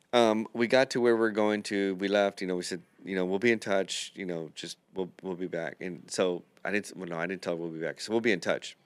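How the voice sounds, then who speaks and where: A man's voice: low-pitched, smooth, dry recording. A man hosting a podcast, telling a long rambling anecdote full of quoted dialogue in a casual chat. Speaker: podcast host, dental builder.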